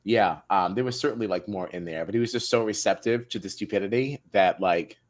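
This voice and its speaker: A man's voice: on the low side, fairly quick. A man co-hosting a podcast, animatedly telling stories and acting out quotes in casual chat. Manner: animated storytelling, acts out quotes. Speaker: podcast co-host. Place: Midtown Manhattan.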